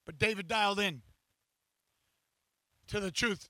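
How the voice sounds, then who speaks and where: High-voiced, bright impassioned male preacher. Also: moderate pace, no room sound, rough recording. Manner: impassioned preaching, acting out scripture in first person, building to shouts. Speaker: pastor. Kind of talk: sermon. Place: church.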